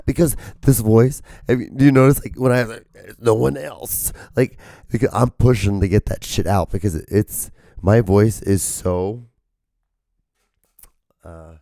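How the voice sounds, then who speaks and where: Hoarse, cracking-voiced man rambling. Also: on the low side, fairly even intonation, moderate pace, warm tone, no echo. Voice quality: cracking, strained. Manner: profane, rambling, full of fillers. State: hoarse, losing his voice. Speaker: podcast host. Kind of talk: casual rambling monologue.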